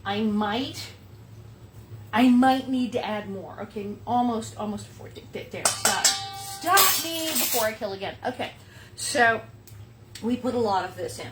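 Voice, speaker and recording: A woman's voice: medium pitch, a little slow, very noisy. A woman hosting a casual cooking demonstration in a kitchen, chatty and playful, with silly sing-song asides. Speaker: cooking show host. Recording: kitchen clatter of dishes and utensils behind.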